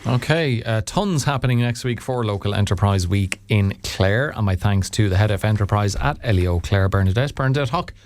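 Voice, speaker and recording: A man presenting on local radio, asking questions in a relaxed, conversational way and stumbling over his words now and then. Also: on the low side, a little fast, hardly any pauses, dry recording. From Ireland. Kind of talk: radio interview.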